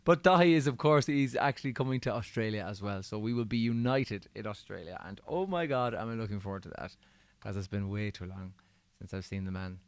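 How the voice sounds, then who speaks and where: A man with a slightly low voice chats easily with livestream viewers between songs. His voice is a little worn from singing. The sound is dry and close. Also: brisk, clear, resonant tone, no room sound. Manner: chatty and easygoing, reading out viewer comments. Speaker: musician hosting a livestream.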